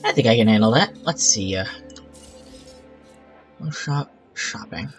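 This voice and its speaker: Playing a park-building game, this man offers loose, wandering commentary broken up by exasperated remarks, typical of a gaming channel host. He speaks a little slowly at a medium pitch, sounds expressive, and has faint music behind him.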